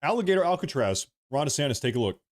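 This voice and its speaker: A man's voice: fairly high pitch, very animated, fast. Rambling joking man hosting a livestream. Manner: rambling, joking, repeats himself. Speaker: political livestream host. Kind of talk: casual live commentary.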